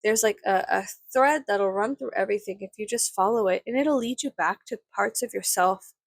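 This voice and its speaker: A woman's voice: mid-range voice, normal speed, gravelly, no room sound. A young woman from South Texas chatting casually to camera, rambling with lots of "like" and swearing freely. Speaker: vlogger.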